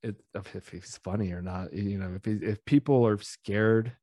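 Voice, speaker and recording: A man's voice: on the low side, fairly even intonation, moderate pace, dark tone, no room sound. Man, casual podcast talker, rambling and heated, dry close mic. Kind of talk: casual chat.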